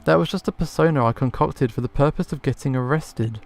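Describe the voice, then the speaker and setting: A man voicing a smooth male impostor posing as a prince, speaking in florid, theatrical phrases while reading game dialogue aloud. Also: mid-range voice, a little fast, close to an everyday voice. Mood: guarded.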